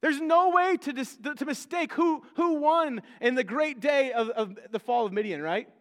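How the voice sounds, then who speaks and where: A man's voice: very high voice, moderate pace. A male pastor preaching a sermon in a conversational way, often repeating words and acting out the figures he quotes. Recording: long hall reverb.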